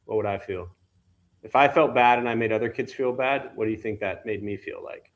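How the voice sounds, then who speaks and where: A man's voice: fairly low pitch, a little fast. A male meditation teacher giving an informal dharma talk, conversational, often asking his listeners questions. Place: temple meditation hall.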